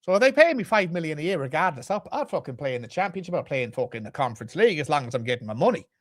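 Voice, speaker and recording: A man's voice: fairly high pitch, very animated, very fast. A man putting on a boastful, swearing Irish football manager with a put-on Irish accent, rambling in comic banter. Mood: cocky. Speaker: co-host. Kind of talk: comedic impression in podcast banter.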